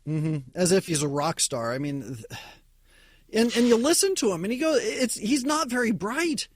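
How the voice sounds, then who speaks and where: High-voiced blunt male guest. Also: sing-song, dry recording, studio quality. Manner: blunt, scornful, slow emphatic delivery. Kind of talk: casual talk show discussion.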